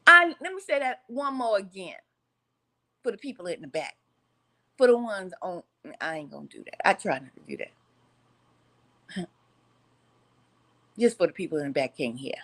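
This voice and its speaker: Lively woman vlogging with preacher cadence. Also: medium pitch, moderate pace, pauses often. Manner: animated, laughs often, preacher-like cadence. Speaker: channel host. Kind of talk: casual vlog talk to viewers.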